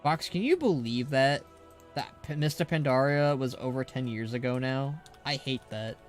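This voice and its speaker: A man's voice: mid-range voice, animated, moderate pace, faint music behind. A man streaming a game, chatting casually, playful and teasing, laughing often. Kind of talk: casual chat while gaming.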